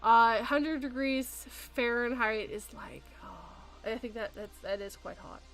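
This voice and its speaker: A woman's voice: on the high side, takes it slowly, fairly bright tone, faint music behind. A Canadian woman hosting a casual podcast chat, rambling through explanations and laughing often. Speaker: podcast host.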